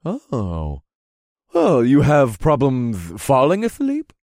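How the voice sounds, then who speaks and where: A man voicing a boisterous, friendly male potion vendor who gushes a showy sales pitch. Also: wildly swooping pitch, takes it slowly, dry recording, clean studio sound, full character voice. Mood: eager. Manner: shouting, gushing salesman patter.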